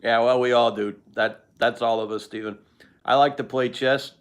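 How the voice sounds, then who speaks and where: An older man hosts a live stream, rambling and joking as he answers viewers. His voice sits at a middle pitch, and his talk is loose and conversational. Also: steady tone, normal speed, clean tone. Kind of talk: casual live stream chat.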